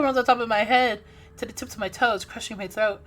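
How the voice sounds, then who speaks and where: A woman streamer reading a game's story aloud, animated and breaking off with startled exclamations. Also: on the high side, brisk, faint music behind.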